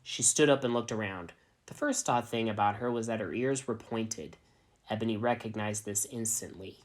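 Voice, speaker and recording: A man narrating a fan fiction story in a deadpan, even reading voice. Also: on the low side, moderate pace.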